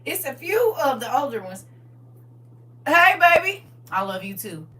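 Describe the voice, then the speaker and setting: A woman hosting a livestream in casual chat, laughing often, repeating "listen," and moving into gentle spiritual advice. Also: high voice, sing-song, a little slow. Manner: laughs often, repeats "listen" and "I'm trying to tell you". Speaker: livestream host. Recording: distant mic with faint hum.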